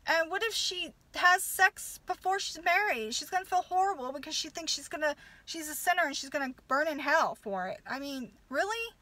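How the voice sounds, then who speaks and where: Southern-born woman vlogger, heated rant, high pitch, dry recording. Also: expressive, sharp tone, dry recording. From American South. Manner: heated, swearing, halting restarts. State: upset. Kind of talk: angry rant to camera.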